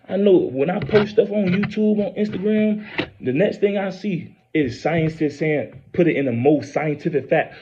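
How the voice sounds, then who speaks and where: A man's voice: a little high, expressive, dark tone, slight background noise. A man giving a rambling, preachy religious monologue, repeating himself, swearing and stumbling through scripture readings. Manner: reads scripture aloud haltingly. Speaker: self-posting religious speaker. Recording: dull lo-fi recording.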